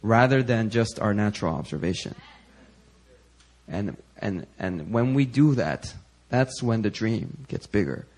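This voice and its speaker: A male pastor preaching in a conversational storytelling way, full of "you know" fillers and growing animated. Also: fairly low pitch, measured pace. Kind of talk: sermon storytelling.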